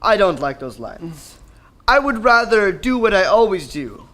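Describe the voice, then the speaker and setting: A man's voice: sits high, very animated, unhurried, bright, forceful tone, full character voice. A man playing a vain film leading man with a hammy, theatrical manner. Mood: smug. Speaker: actor.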